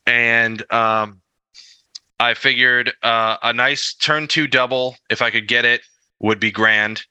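Man, podcast co-host, very bright tone, smooth and clear, dry close mic, rambling chat. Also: medium pitch, steady tone, slow, no room sound, muffled recording. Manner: rambling, many fillers, self-deprecating chuckles. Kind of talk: casual chat about tabletop gaming.

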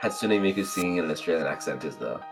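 A man's voice: deep voice, lively intonation, fast, creaky, faint music behind. A man chatting as a podcast guest, giggly and a bit flustered. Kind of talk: casual podcast chat.

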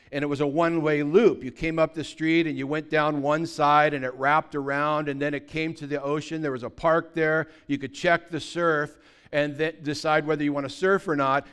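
Pastor guy from california, 50s, telling a story in a sermon, smooth clear voice, a bit on the high side, gets loud sometimes. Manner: lively anecdotal, with sudden loud bursts.

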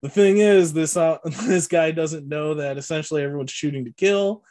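A man's voice: a little high, moderate pace, darkish tone. A man co-hosting a podcast, casually recapping a movie plot with lots of fillers and frequent laughs. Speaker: podcast co-host.

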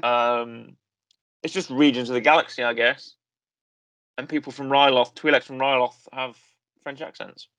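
A man co-hosting a podcast, chatting casually in a rambling way, stopping to correct himself and filling gaps with ums and uhs. His mid-pitched voice sits close to a podcast mic in a dry, dead-sounding room. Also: fairly even intonation, moderate pace, pauses often, a bit bright, no echo. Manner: rambling, self-correcting, full of fillers. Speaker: podcast co-host. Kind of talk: casual chat reviewing a series.

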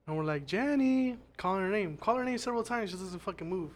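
Man, high voice, rambling casual story, swears a lot, lots of restarts. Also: expressive, racing. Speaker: podcast guest.

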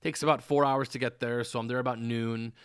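A man's voice: medium pitch, fairly even intonation, a little fast, clear, resonant tone, no echo, clean studio sound. A man hosting a podcast, telling a meandering story in casual chat, full of fillers and restarts. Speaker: podcast host.

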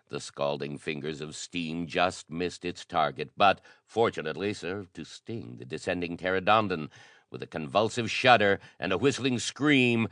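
Deep male audiobook narrator, dramatic reading, dry studio sound. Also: fairly bright tone, no echo. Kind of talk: audiobook reading of pulp adventure fiction.

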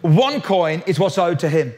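Man, fairly high voice, lively preaching, humorous, stumbles and restarts. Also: measured pace. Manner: lively, jokey, with frequent restarts. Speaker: pastor. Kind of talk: sermon.

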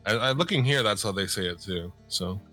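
A man's voice: lowish voice, expressive, brisk, bright, forceful tone, soft background music. A young man co-hosting a casual podcast, talking loosely about horror shorts, laughing and swearing often. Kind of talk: casual profane chat.

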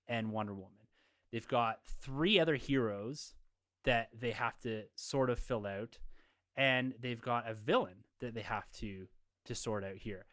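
Man, podcast panelist, measured analytical film talk, casual discussion. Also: medium pitch, a bit bright.

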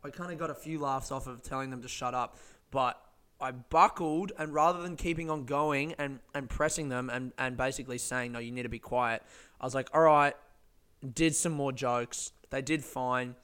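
Swearing comedian, rambling on. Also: male voice, mid-range voice, normal speed, clean tone. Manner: rambling, swears freely, animated storytelling. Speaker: stand-up comedian. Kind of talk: casual podcast monologue.

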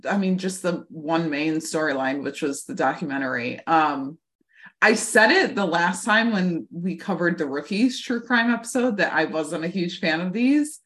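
Podcast co-host, woman, somewhat low pitch, gushing casual recap chat. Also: fairly bright tone. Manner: gushing, chatty, many "like" fillers.

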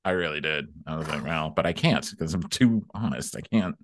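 A man's voice: rumbling low, animated, fairly quick. A man co-hosting an improv comedy podcast, laughing at himself and swearing freely. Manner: self-deprecating, laughing, swears. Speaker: podcast co-host.

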